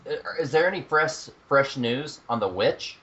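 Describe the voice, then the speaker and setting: A man co-hosting a podcast in playful, teasing banter, steering the conversation toward his own setups. His pitch moves around a lot as he talks. The recording sounds dull and low-fidelity. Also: expressive, normal speed, a bit bright. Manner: playful, teasing, sets up bits. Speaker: podcast co-host.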